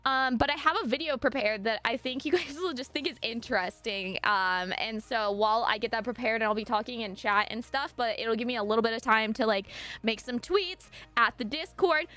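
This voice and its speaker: A young adult woman live-streaming, chatting casually and gushing excitedly at her viewers, breaking into squeals. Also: on the high side, fairly quick.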